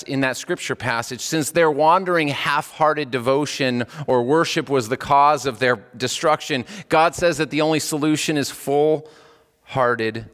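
A male pastor preaching a sermon in a church. He swings between raised, emphatic lines and low, solemn ones, with casual asides between scripture readings. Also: big-room sound. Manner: animated preaching with wide swings in pitch and loudness, dropping low on solemn words. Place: church sanctuary.

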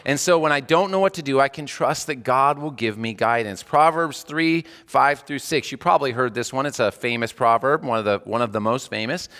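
A man in his thirties, a hospice chaplain, preaching a conversational sermon full of rhetorical questions, going soft and quiet for the prayers. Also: mid-range voice, a little fast, hardly any pauses. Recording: long reverb of a hall.

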